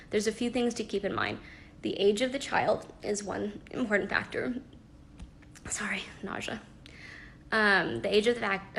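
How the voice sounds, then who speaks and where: Her mid-range, creaky voice carries a faint hiss or hum as she chats on a live stream from home, speaking into a phone. She's a young adult woman giving down-to-earth parenting tips, peppering her talk with fillers and gentle laughter.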